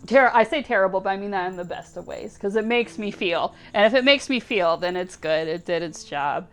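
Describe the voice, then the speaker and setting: A woman's voice: mid-range voice, a little fast. A woman hosting a gaming channel, giving emotional, chatty commentary on a game playthrough. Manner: emotional, chatty, laughs and sighs.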